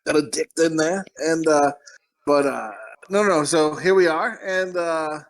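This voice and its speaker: A man's voice: fairly high pitch, a little slow, low-quality recording. A man hosting a casual podcast chat, rambling and mumbling his words, swearing freely. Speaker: podcast host.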